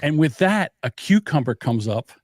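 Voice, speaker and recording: A man's voice: on the high side, very animated, normal speed, no echo, studio quality. Chatty middle-aged man telling a rambling story. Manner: rambling storyteller who acts out other voices. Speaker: podcast host. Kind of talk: casual chat. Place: home studio.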